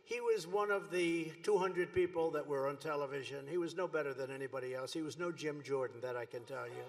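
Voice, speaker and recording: An American man in his seventies speaks at a political rally, rambling from point to point with boastful, mocking asides. His voice sits high for a man. It rings out with the long reverb of a big rally hall. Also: fairly even intonation, fairly quick. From United States. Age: 70s. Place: large rally venue before a crowd.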